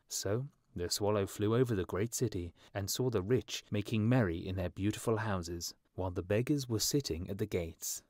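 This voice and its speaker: A male storyteller reads a fairy tale aloud in slow, clear scripted narration, paced for English learners. His voice sits fairly low. It is recorded close and very dry. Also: a little mellow, no echo.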